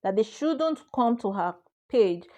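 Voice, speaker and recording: A woman's voice: a little high, animated, measured pace, warm tone. A woman hosting a gossip channel, chatty and addressing viewers directly as guys. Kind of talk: gossip news narration.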